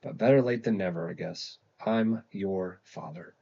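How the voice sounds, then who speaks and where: A stern, angry middle-aged father, as a male reader acts him, low and husky in tone. He scolds in firm, clipped lines. The sound is dull and lo-fi. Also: moderate pace, warm tone, heavily acted.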